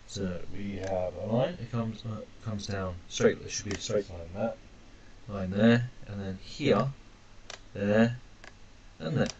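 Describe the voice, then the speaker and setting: A man teaching a language lesson while drawing characters on screen, chatty and self-deprecating, calling his viewers ladies and gentlemen. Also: on the low side, slow pace, dull audio, a little hiss or hum.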